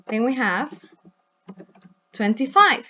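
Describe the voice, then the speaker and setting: This English teacher's voice is a little high, sing-song, bright and forceful, with the highs cut off in the recording. In a video lesson she patiently models words slowly for students to repeat, checking in regularly with "right?" and "yes?".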